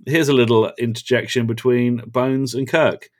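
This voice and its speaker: With a mid-range voice, fairly even intonation and moderate pace, a man co-hosts a laid-back podcast. He relishes reciting his favourite lines, laughing with real enthusiasm.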